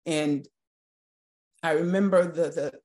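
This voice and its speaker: A woman, a podcast guest, recounting a painful personal story in a halting, emotional way with frequent restarts. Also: sits low, steady tone, a little mellow. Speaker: guest sharing her story. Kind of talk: personal testimony in a podcast interview.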